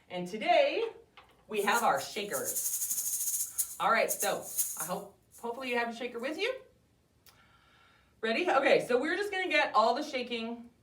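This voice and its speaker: A woman hosting a library storytime, reading a fairy tale aloud to children with animated expression. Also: fairly high pitch. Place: library room. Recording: roomy, mic at a distance.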